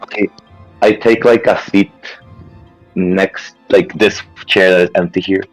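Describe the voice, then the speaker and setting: A man's voice: low voice, fairly even intonation, unhurried, no echo, faint music behind, poor audio. A man playing a tabletop game who chats casually and rambles while describing his character's actions. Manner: rambling, chatty. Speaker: player. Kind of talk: casual tabletop role-play.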